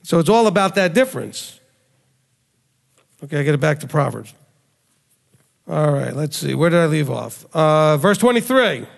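A man's voice: fairly high pitch, sing-song, normal speed, creaky, pauses often. A man teaching scripture in a conversational sermon style to a small group, acting out quoted lines with animation. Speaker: bible teacher. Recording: long hall reverb.

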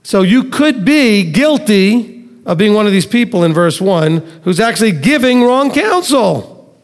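A man with a high-pitched voice preaches a sermon to a congregation. He presses his points with rhetorical questions and sarcastic asides. His voice rings with the long echo of a large hall. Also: normal speed. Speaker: Messianic Torah teacher. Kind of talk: sermon to a live and online congregation.

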